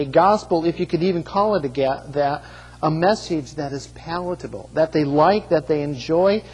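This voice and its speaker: A man delivering a sermon from the pulpit, his fairly high voice a little husky. He presses his points with rhetorical questions and stumbles into restarts as he goes. The sound rings with the long reverb of a large church hall. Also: darkish tone. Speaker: pastor.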